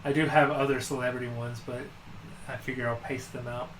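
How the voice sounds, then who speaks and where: A man's voice: mid-range voice, flat delivery, fairly quick, fairly bright tone, slight background noise. Rambling man in a roomy room. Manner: rambling storyteller, many fillers and restarts. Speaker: podcast co-host. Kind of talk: casual chat.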